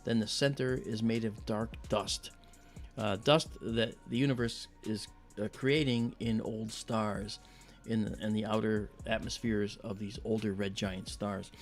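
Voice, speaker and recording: Gravelly-voiced chatty livestream host. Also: male voice, fairly low pitch, steady tone, a little slow, soft background music. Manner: rambling, friendly, many fillers, greets viewers. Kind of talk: casual livestream chat.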